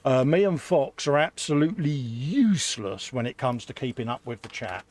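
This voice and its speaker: A man's voice: medium pitch, animated, normal speed, a little mellow. A man co-hosting a live model-building stream, chatting casually and reading out viewer comments. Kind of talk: casual chat.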